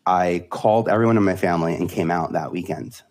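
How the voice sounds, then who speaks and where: A man's voice: sits low, quick pace, darkish tone. A man in his forties, a podcast guest talking candidly and laughing often, restarting phrases as he goes. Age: 40s. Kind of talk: casual conversation.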